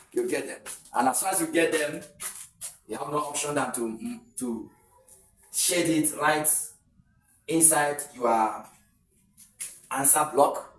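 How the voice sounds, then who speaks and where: A man's voice: fairly high pitch, takes it slowly, long pauses, a bit bright, reverberant, recorded from a distance, poor audio. A man with a Nigerian accent teaching an exam lesson, explaining step by step and repeating key points. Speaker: exam tutor. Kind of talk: video lesson.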